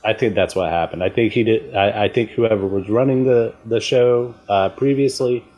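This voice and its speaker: A middle-aged man co-hosts a podcast in casual conversation. His voice sits a bit low. He talks in a measured, agreeable way and thinks aloud as he goes. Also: darkish tone, lo-fi sound, faint music behind. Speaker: podcast co-host. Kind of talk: casual chat.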